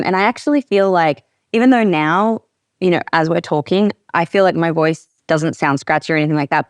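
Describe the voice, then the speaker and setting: A woman hosting a podcast interview, chatty and animated, with lots of fillers. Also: deep voice, dry recording. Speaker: podcast host. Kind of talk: casual interview chat.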